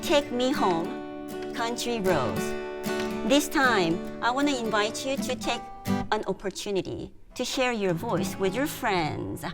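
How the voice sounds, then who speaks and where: Slow, gentle woman coaching voice exercises. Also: a little high, big pitch swings, over loud music. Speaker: music therapist. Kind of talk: guiding voice and breathing exercises.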